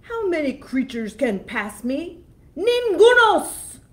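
A woman's voice: high-pitched, sing-song, slow pace, pitched above the performer's own voice, full character voice. A woman voicing a hungry female troll with a scratchy, roaring, threatening voice for a storybook reading. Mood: hungry menacing.

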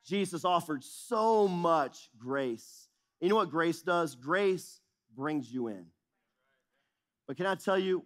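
A middle-aged man preaching a sermon as pastor, speaking with emphatic repetition and shifting intensity. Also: fairly high pitch.

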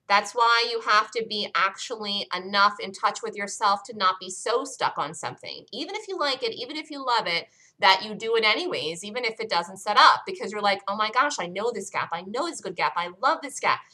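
A woman coaching a room of day traders through a chart, her voice bright and forward. She talks emphatically, hammers the same point several times, and keeps asking the room if anyone has questions. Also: mid-range voice, low-quality recording. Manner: emphatic and repetitive, asks listeners questions. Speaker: trading room leader. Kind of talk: live stock chart review.

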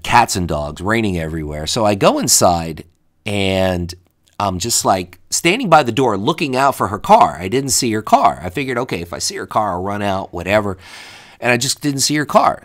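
Animated man telling a dating story. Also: fairly low pitch. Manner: animated, exasperated storytelling with quoted dialogue.

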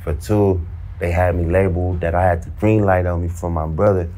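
A man in casual storytelling, animated and slang-heavy, acting out the dialogue as he goes. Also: low-pitched, brisk. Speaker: storyteller recounting prison life. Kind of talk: casual storytelling in a played interview clip.

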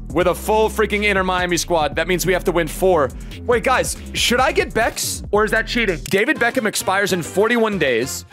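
Young male gamer-commentator, animated and chatty, rising to frustrated outbursts, light game music underneath. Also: high-pitched. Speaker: gaming YouTuber. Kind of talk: excited gameplay commentary.

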